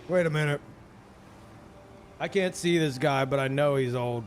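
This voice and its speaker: A man streaming live in casual chat, ranting in an animated and profane way. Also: on the high side, measured pace, slight background noise.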